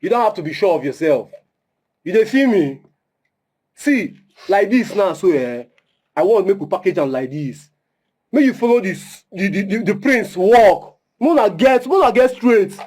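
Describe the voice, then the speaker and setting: A man's voice: high voice, animated, moderate pace, darkish tone. A man speaking Nigerian Pidgin plays a restless, scheming kidnapper who laughs and lays out his plan. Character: restless young male kidnapper, scheming and jokey. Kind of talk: film drama acting.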